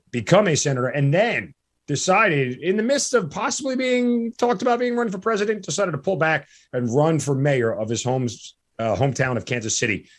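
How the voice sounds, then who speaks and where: A middle-aged man hosting a podcast, speaking in a halting, heartfelt way. He trips over his words, restarts sentences and leans on plenty of fillers as he opens up. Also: medium pitch. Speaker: podcast host. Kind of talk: casual interview chat.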